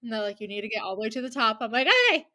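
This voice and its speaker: Animated young woman telling a story. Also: a little high, racing. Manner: animated retelling with quoted voices and laughter. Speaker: podcast co-host. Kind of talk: casual chat, storytelling.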